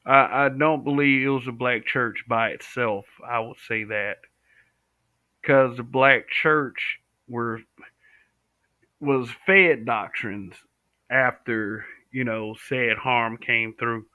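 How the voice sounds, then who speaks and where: A man's voice: medium pitch, steady tone, slow pace, bright, forceful tone, dry recording. A man from the American South hosting a casual live stream, speaking bluntly and answering viewers' comments. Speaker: livestream host. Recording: tinny, dry home-stream audio.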